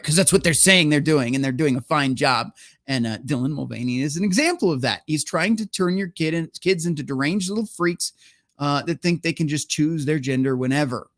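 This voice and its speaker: A man hosts his solo livestream, ranting hard with heated, profane emphasis. His voice sits on the higher side, and the sound is close and dry with no room echo. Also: fairly bright tone. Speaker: livestream host. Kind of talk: solo livestream rant and chat reading.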